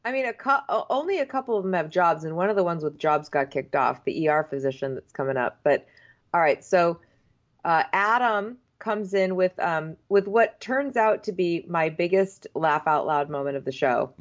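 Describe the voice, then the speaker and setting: A woman's voice: on the low side, moderate pace, dull audio. A woman co-hosting a casual chat, giving blunt, exasperated opinions. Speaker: podcast co-host. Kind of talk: casual chat recapping a TV show.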